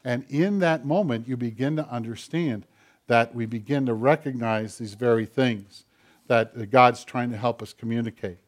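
A man preaching a sermon who acts out prayers and God's replies in quoted voices, swinging from loud urgent appeals to low hushed asides. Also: normal speed. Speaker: pastor.

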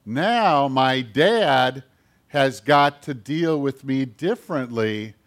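A man's voice: mid-range voice, animated, slow. A man giving a children's sermon as pastor, in a playful way, asking the children questions.

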